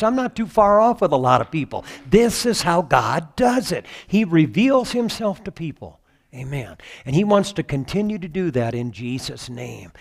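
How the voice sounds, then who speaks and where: A man preaching a sermon as pastor, moving from conversational teaching with fillers to fervent, rising exclamations. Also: fairly high pitch.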